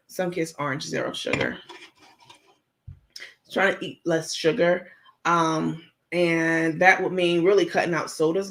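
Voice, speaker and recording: A woman's voice: lowish voice, vocal fry. A woman hosting a casual livestream from home, reading viewer comments aloud and answering them in a frank, chatty way, talking straight to her viewers. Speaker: livestream host.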